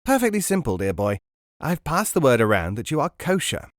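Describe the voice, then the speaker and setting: A man's voice: mid-range voice, sing-song, fairly quick, no echo, studio quality, voice pushed up, close to an everyday voice. Male reader as a shrewd, breezy dealer, knowing, lightly raised. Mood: amused. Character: worldly, shrewd male market dealer, amused mentor.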